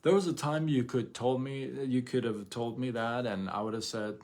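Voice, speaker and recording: A man hosting a casual motivational livestream, animated and rambling, repeating himself and acting out what people say. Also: medium pitch, moderate pace, hardly any pauses. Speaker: live show host.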